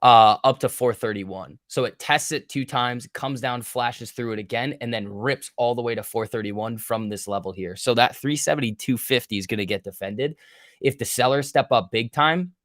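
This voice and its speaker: A man's voice: mid-range voice, moderate pace, a bit bright, dry recording, clean studio sound. Casual man breaking down stock charts. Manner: explains levels step by step, casual. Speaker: trading educator co-host. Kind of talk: live stream chart breakdown.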